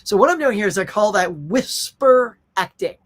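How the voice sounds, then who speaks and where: A man's voice: high-pitched, lively intonation, normal speed, a bit bright. A middle-aged man hosting a casual live stream, chatting animatedly and reading viewer comments aloud. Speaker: host.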